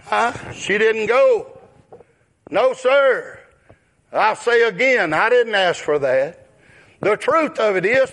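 Brief: male preacher, high bright tenor, slow drawn-out sermon, shouts on peaks, keeps asking the crowd "huh?". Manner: drawn-out delivery that rises into shouted high exclamations; repeats call-outs like "yes, sir" and "huh?".

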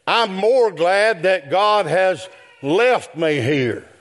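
An older man, preaching a sermon in a rhythmic style that builds to shouts. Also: high voice, lively intonation, extremely slow.

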